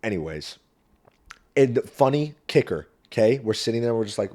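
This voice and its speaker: Lively young man telling a story. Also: mid-range voice, normal speed. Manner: animated, swearing, jumps into quoted voices. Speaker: podcast host. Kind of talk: casual storytelling monologue. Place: small warm room indoors. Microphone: camera mic, solo recording.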